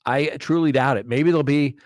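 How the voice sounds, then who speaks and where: On a dry, clean studio recording, a host runs a live crime-talk stream in the manner of a defense attorney. He rants emphatically and mimics others mockingly, his mid-range voice moving a little fast.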